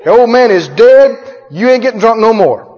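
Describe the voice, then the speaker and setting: A man's voice: very high voice, lively intonation, normal speed, darkish tone. A male pastor preaching with emphatic call-and-response and frequent chuckles. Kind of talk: sermon. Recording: echoey hall, dull sound.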